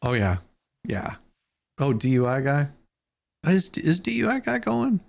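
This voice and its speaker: A man's voice: a little high, very animated, measured pace, gravelly. A man hosting a casual live-stream chat, telling stories with laughter and casual swearing. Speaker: show host.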